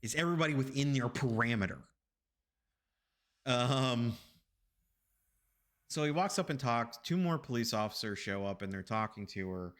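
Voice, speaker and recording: A man's voice: medium pitch, lively intonation, moderate pace, long pauses, fairly bright tone. A man streaming games, telling a story casually with rambling, profane asides to his chat.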